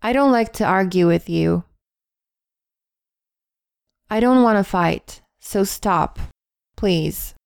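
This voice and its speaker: A woman reading a list of English phrases in a calm, measured way, with deliberate pauses between them. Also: medium pitch, creaky, smooth, dry recording, clean studio sound. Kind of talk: slow read-aloud phrase list.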